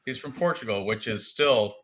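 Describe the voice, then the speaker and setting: A man's voice: mid-range voice, moderate pace, muffled recording, a crowd in the background. A man in his forties chatting casually about fight picks as a podcast co-host, joking and laughing often. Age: 40s. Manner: joking, laughs often, does silly voices.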